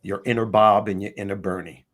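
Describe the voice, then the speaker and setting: Guest author, male, low husky voice, lively storyteller. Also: fairly quick, muffled recording. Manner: animated storyteller, casual. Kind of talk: interview conversation.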